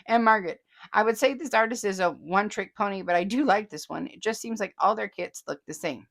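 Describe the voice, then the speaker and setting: A woman's voice: medium pitch, expressive, normal speed, bright, forceful tone. A chatty woman, hosting a casual vlog and reading viewer comments aloud with frequent laughter. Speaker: host.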